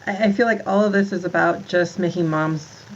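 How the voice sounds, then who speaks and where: The speaker is a woman in her thirties who founded a moms' community, guesting on a podcast in casual interview talk. Her lowish voice has fairly even intonation and normal speed, with highs cut off and slight background noise, as she rambles about motherhood with frequent "like" and restarts.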